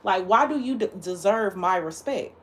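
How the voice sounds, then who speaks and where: A woman's voice: medium pitch, expressive, moderate pace, fairly bright tone. Blunt, heated woman ranting on a livestream. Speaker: livestream host. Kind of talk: casual livestream rant.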